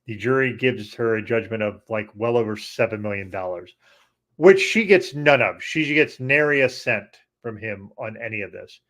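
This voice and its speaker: A man co-hosting a podcast in casual chat, animated, swearing freely and laughing as he talks. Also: on the low side, normal speed. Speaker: podcast co-host.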